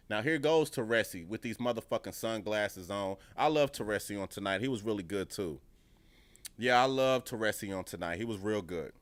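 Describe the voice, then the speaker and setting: A man's voice: fairly low pitch, a bit bright. A man giving a casual reaction review of a TV episode, profane and emphatic, often repeating his points. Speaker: TV show reviewer.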